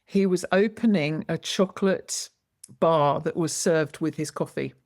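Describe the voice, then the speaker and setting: Lower-voiced woman telling an animated story. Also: measured pace. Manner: lively, expressive, acts out quoted lines. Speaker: guest educator and author.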